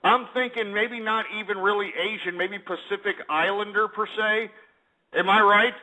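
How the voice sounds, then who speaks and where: A man hosts a comedic call-in show with a high, piercingly bright voice. He talks in brash, mocking, boastful shock-jock patter and teases his callers relentlessly. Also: fairly even intonation, normal speed, rough recording. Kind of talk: comedic call-in radio parody.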